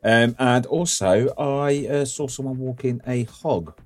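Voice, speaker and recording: A man's voice: medium pitch, a little slow. A man hosting a casual podcast, rambling through stories, swearing freely and laughing often. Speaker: podcast host.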